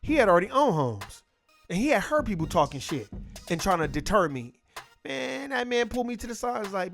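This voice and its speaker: A middle-aged man holds forth in a casual monologue, blunt and full of profanity, telling stories with plenty of animation. His voice sits high for a man. Faint music plays under him. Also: very animated, a little fast, creaky, a bit bright.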